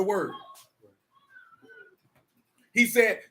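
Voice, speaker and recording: Preaching man with a bright voice. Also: high-pitched, flat delivery, takes it slowly, pauses often. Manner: conversational, streetwise preaching with rhetorical questions. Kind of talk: sermon mixed with casual asides.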